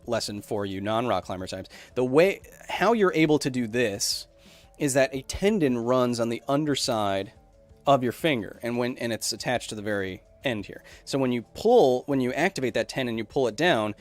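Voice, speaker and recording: A man's voice: mid-range voice, lively intonation, moderate pace, soft background music. A young man hosting a casual science livestream, answering viewer questions in a loose, rambling way that keeps breaking off and restarting. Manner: rambling, self-interrupting, loose explanations. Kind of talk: casual live chat, reading viewer messages.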